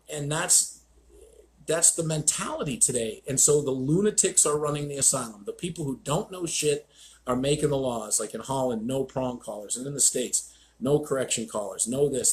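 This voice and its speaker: A man's voice: medium pitch, a little mellow, a little hiss or hum. A man hosting a live stream as a dog trainer, telling stories bluntly with swearing and acted-out quotes. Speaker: dog trainer, show host. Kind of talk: casual live-stream chat.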